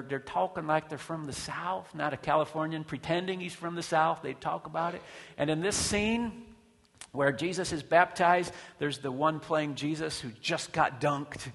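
Male pastor, sermon, chatty, rhetorical questions, bright tone, long hall reverb. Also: fairly high pitch, normal speed, creaky. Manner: conversational, with frequent restarts and rhetorical questions.

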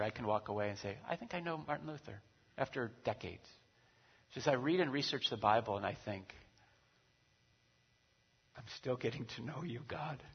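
A man pastor preaching a sermon, animated and acting out quoted voices with big swings in loudness. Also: medium pitch, vocal fry, husky. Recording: dull recording with long hall reverb.

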